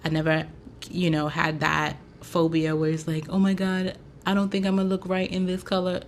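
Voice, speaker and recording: A woman's voice: fairly low pitch, monotone, normal speed, slight background noise. A woman from Haiti hosting a casual chat show, talking loosely with lots of fillers. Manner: chatty, loose, full of fillers. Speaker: podcast host and braider.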